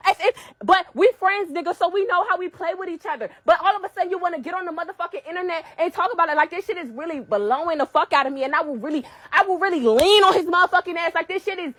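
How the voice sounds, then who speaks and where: A woman's voice: very high-pitched, fast, hardly any pauses, a bit bright, no room sound. A woman venting furiously and profanely to the camera about a former friend. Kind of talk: angry rant to camera.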